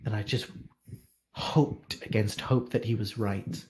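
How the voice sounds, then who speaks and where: A man plays a weary, devoted maester who speaks quietly. He sounds worn down and sad in this tabletop role-play. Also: on the low side, steady tone, a little slow, voice pushed down, lightly acted. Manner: quiet and tired.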